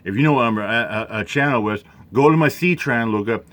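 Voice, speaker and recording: A man giving rambling casual commentary over a video, halting often with fillers and restarts. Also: medium pitch, fairly bright tone.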